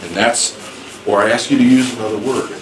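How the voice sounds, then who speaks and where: A man teaching an English class, speaking slowly and clearly and rephrasing things so learners can follow. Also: medium pitch, steady tone. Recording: echoey room, distant mic, background noise.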